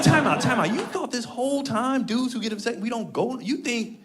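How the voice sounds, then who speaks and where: A man in his thirties doing an animated stand-up comedy set, laughing through his punchlines. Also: very high-pitched, moderate pace. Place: comedy club stage with audience. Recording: loud crowd laughter and room noise.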